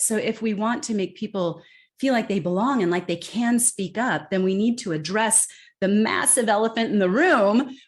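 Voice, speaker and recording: A woman from California with a general American accent, a guest speaking emphatically in an interview and acting out the voices she quotes. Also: medium pitch. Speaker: guest expert. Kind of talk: conversational interview.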